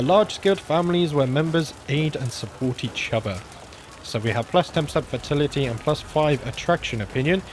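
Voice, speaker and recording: There's a little hiss or hum under this British man's fairly high voice. He hosts a gaming channel, casually commentating a strategy game let's-play while musing aloud, using plenty of filler sounds, and sounding a bit ill.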